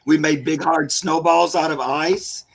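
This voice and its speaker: A man working as a spirit medium, chatting casually and telling animated stories. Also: on the high side, unhurried, gravelly, a little hiss or hum, low-quality recording. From Southern California. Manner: chatty storyteller, warm and animated about animals. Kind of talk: casual chat.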